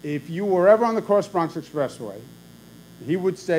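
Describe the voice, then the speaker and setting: A man's voice: high-pitched, animated, moderate pace, a little mellow, slight background noise, low-quality recording. A man, a governor telling wry anecdotes in a conversational public speech. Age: 60s.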